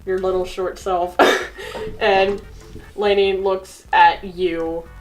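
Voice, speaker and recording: A woman tells a goofy story in a casual, giggly way, teasing her friend as she goes. She talks at an unhurried pace with a middle-range voice. Faint music plays underneath. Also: medium pitch, little pitch movement, rough recording. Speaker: co-host telling a drawn story. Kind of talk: casual storytelling while drawing.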